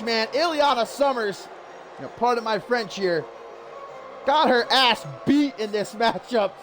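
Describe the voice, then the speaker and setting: A man calling a wrestling match as play-by-play commentator, loud and animated, shouting over the action. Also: very high-pitched, a little hiss or hum.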